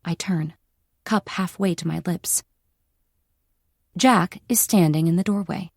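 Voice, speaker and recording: A woman's voice: lowish voice, takes it slowly, pauses often, slightly rough, no room sound, clean studio sound. A woman narrating a first-person audiobook in a wry, dryly humorous manner.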